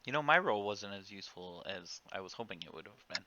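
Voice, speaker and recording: Brief: male gamer, playful and jokey, lively pitch, very bright tone. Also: quick pace, muffled recording, faint music behind. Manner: playful, jokey, laughs a lot. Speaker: player. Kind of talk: casual game chat.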